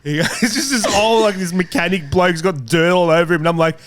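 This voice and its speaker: A man's voice: a little high, fast, few pauses, no room sound. An Australian man co-hosting a podcast, telling a story in casual chat and acting out the people in it. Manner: animated, acts out voices in his stories. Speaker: podcast co-host. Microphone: studio microphone.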